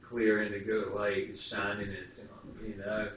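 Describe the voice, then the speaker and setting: A man's voice: fairly low pitch, moderate pace. A man co-hosting a casual spiritual talk show, telling an experience at length and acting out the voices he quotes. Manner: animated storyteller, acts out quoted voices. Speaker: co-host. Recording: distant, roomy, dull lo-fi sound with hiss.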